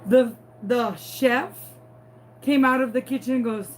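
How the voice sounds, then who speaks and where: Southern woman, higher voice, unhurried and animated, chatty crafting vlogger. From New Orleans, US. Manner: animated, playful, dramatic storyteller. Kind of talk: chatty storytelling while crafting.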